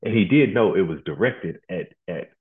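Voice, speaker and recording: A man with a very low voice delivering a sermon. He talks casually and haltingly, restarting and repeating words as he goes. The sound is thin and phone-like. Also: expressive. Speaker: preacher. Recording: tinny phone-like line.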